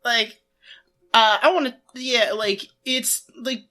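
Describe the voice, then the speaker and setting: Her voice is on the high side with a sharp tone, and she takes things slowly. As co-host of a comedy podcast, she rambles sarcastically through casual chat, packed with filler words.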